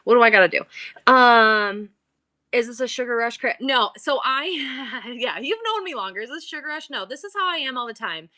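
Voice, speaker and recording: A woman's voice: fairly high pitch, animated, moderate pace, pushed and bright. A middle-aged woman hosting a live-selling stream, bubbly and playful in an exaggerated customer-service voice, rambling between topics. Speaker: online live-selling host. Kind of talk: casual livestream chat.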